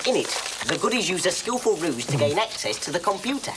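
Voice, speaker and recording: A woman's voice: fairly low pitch, very animated, fast, heavy background noise. A woman doing a dry, sardonic character.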